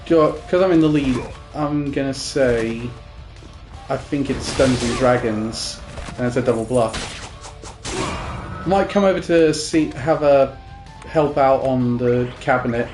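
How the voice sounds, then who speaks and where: A man chatting while playing a game, rambling and pausing mid-thought. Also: mid-range voice, a little mellow. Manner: rambling, halting storytelling. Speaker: co-host. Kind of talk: casual gaming chat. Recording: roomy sound with music behind.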